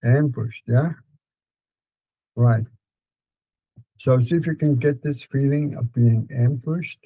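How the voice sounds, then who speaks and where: A man with a Danish accent calmly guiding a client through a therapy session, repeating prompts slowly. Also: mid-range voice, husky, no room sound, rough recording. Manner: calm, repetitive prompting with fillers.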